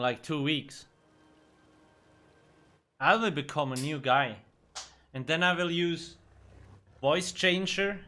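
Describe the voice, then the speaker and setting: A man's voice: a little high, pushed and bright. A man streaming a video game, chatting casually in a blunt, profane and joking way. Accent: German. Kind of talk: casual live-stream commentary.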